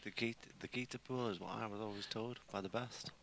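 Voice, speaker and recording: A man commentating live on a pool match, chatty and excitable as he reels off a run of scores. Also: lowish voice, brisk, creaky, noisy background.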